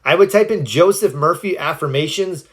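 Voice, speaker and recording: This American speaker's voice is a little high and a bit cracked as he gives heartfelt, encouraging self-help advice over a phone livestream. He takes viewers' questions at a normal pace.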